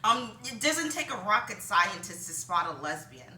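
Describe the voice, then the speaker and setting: A woman's voice: medium pitch, very animated, moderate pace, sharp tone, slight background noise. A woman vlogging from her home, rambling through opinions with many ums and short laughs at herself. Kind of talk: casual opinion monologue. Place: home room with laundry behind her. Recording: roomy, distant from the mic.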